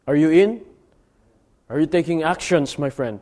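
A man preaching a sermon, exhorting his listeners and building to loud, repeated calls to action. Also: on the high side, normal speed, pauses often. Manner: exhortative, rising to near-shouting climaxes, repetitive.

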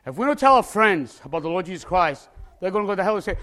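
A male pastor preaching a testimony with passion, often bursting into shouts and repeating words as he starts a phrase. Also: sits high, expressive, fast talker, heavy background noise.

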